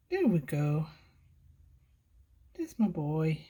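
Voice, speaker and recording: A woman's voice: a little high, lively intonation, a little slow, long pauses, a little mellow. A woman filming on her phone from indoors by a window, cooing to a cat in sing-song baby talk. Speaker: pet video maker.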